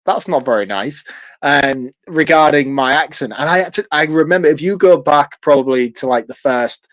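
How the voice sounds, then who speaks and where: A man's voice: a little high, brisk, fairly bright tone, no echo. A man with a Yorkshire accent co-hosting a film podcast, chatting loosely, swearing casually and laughing often. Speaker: podcast co-host. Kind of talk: casual film review chat.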